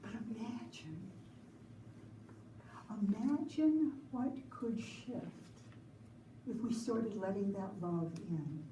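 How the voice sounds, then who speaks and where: A woman minister preaches in an unhurried, mellow voice, drawing out her phrases and guiding a congregation through prayer. She is heard from some distance in a roomy sanctuary. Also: a little high, lo-fi sound, a little hiss or hum. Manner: slow, rhythmic, leads call-and-response. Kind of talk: sermon with guided prayer. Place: church sanctuary. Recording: roomy sanctuary recording from afar.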